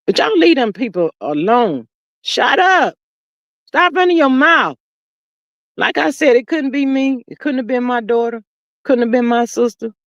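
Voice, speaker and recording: A woman hosting a livestream, talking casually and animatedly, swinging between loud outbursts and low murmurs. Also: animated, moderate pace, no echo, lo-fi sound. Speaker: livestream host.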